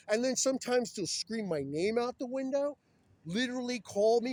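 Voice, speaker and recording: A man's voice: very high voice, moderate pace, darkish tone. A man talking in an agitated, urgent and rambling way while filming himself on his phone outdoors beside a busy road. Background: passing vehicles.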